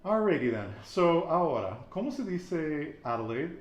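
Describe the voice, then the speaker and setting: A man's voice: fairly high pitch, sing-song, normal speed, echoey room. A man teaching a casual Spanish lesson, patiently repeating words and quizzing his student.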